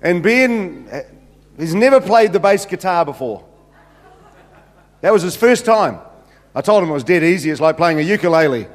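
This middle-aged senior pastor has a high, very animated voice, speaking at normal speed but pausing often as he spins humorous anecdotes in a sermon full of fillers. The recording carries the long reverb of a church hall.

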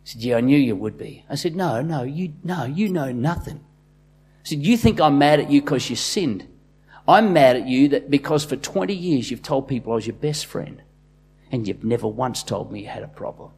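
A man preaching a sermon as a pastor, swinging between loud, impassioned bursts and quiet, intimate asides. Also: mid-range voice, animated, normal speed, slightly rough.

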